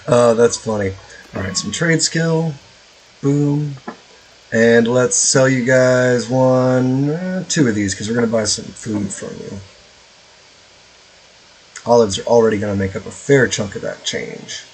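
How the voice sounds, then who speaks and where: A man's voice: medium pitch, measured pace, long pauses, poor audio. A man casually commentating his gameplay as a streamer, rambling with lots of fillers and offhand swearing.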